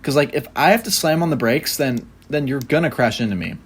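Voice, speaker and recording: Young guy, mid-pitched voice, podcast co-host, halting casual storyteller. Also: breathy edge. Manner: loose, halting storytelling with fillers and laughter. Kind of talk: casual chat.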